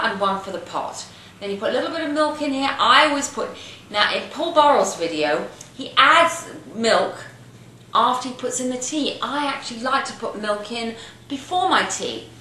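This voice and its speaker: Bright-voiced British woman chatting over tea. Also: medium pitch, reverberant, a little hiss or hum, rough recording. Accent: British English. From Britain. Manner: animated, gossipy, drifts into silly put-on voices. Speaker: vlogger hosting a tea-and-chat show. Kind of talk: casual chatty monologue.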